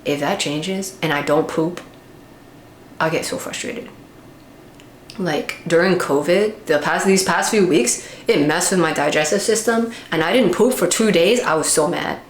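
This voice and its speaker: A woman's voice: on the low side, measured pace. A woman talking candidly in a casual vlog monologue, animatedly acting out her own inner voice. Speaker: vlogger. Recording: echoey room with faint background hiss.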